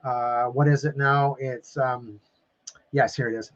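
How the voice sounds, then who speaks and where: A man's voice: mid-range voice, steady tone, a little slow. Emphatic man on a muffled live stream. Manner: emphatic, repeats phrases, calls viewers "my friends"; openly emotional and effusive. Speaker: motivational coach streaming live. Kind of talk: live-stream talk to viewers.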